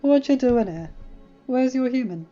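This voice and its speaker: A woman voicing an easygoing young smith with a relaxed, wry manner. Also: sits high, measured pace, voice pushed up. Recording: dull lo-fi with faint music.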